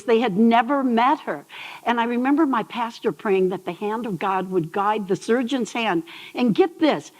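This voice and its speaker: An older woman, a behavioral psychologist, telling stories on stage and asking the audience questions in a lively talk. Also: a little high, big-room sound, low-quality recording. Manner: animated storyteller, asks the audience questions. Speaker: speaker. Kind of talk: TEDx talk. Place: large hall on stage.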